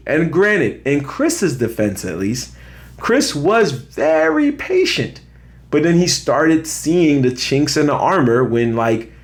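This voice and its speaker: A man with a New York accent, hosting a casual reality TV commentary, animated and slangy, talking straight to his viewers. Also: a little high, slow. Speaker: show host.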